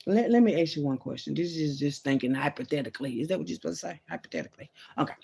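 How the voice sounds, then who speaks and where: Gravelly woman rambling to her viewers. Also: sits low, lively intonation, very fast, darkish tone. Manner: loose, profane, talks straight to viewers. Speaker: vlogger. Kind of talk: casual rambling spiritual monologue.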